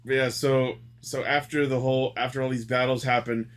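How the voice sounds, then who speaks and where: A man's voice: mid-range voice, flat delivery, a little hiss or hum. Man tossing in wry jokes. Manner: wry, quick joking asides. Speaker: podcast co-host. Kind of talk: casual chat.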